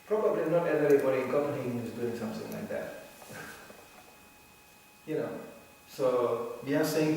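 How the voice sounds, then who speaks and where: A man giving an animated devotional lecture, mocking voices and laughing as he teaches. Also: on the high side, unhurried, pauses often, slight background noise. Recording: echoey hall from far off.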